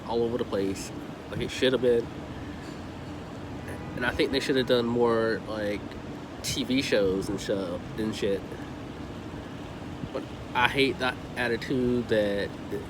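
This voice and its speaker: A man's voice: medium pitch, noisy background. A man giving a casual, profane and heated movie review, rambling and swearing as he goes.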